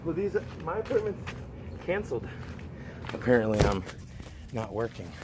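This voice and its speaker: A man volunteering at an animal rescue, chatting casually and calling to the animals in high pet-talk and whoops. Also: sing-song, moderate pace. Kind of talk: casual vlog narration and talking to animals. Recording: noisy outdoor background.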